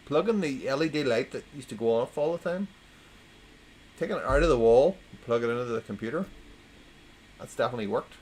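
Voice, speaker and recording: With an expressive, slightly mellow voice of medium pitch, a man reads dad jokes while tipsy, moving briskly but leaving long pauses. He hosts the casual reading, repeats every punchline, and laughs at his own jokes.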